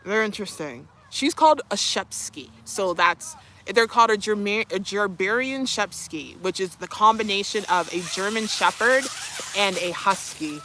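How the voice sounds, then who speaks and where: A woman's voice: mid-range voice, animated, moderate pace, sharp tone, slight background noise. A young woman streaming live, chatting casually, reading viewer comments, laughing often and cooing to her dog. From Canada.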